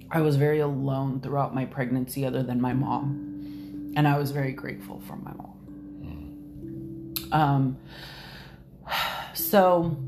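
Woman guest telling her story, hesitant, lots of restarts, music playing under. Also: sits low. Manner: candid, hesitant, with many restarts. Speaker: podcast guest. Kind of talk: personal storytelling. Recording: soft music behind.

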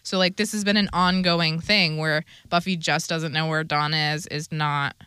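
A woman co-hosting a casual podcast chat, animated and laughing often. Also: low voice, moderate pace, clear, resonant tone, no echo, studio quality. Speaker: podcast co-host.

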